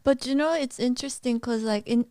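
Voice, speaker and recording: Clear-voiced woman, quick chatty podcast talk. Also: on the high side, a little mellow, no room sound, clean studio sound. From Korea. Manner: quick, chatty, lots of "like" fillers. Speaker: podcast co-host. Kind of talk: casual chat.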